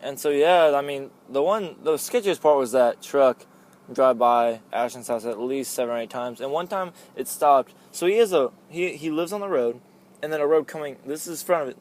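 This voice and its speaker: A man's voice: mid-range voice, moderate pace, darkish tone. A young man telling a story among friends in a casual chat, rambling with lots of "like" and laughing often.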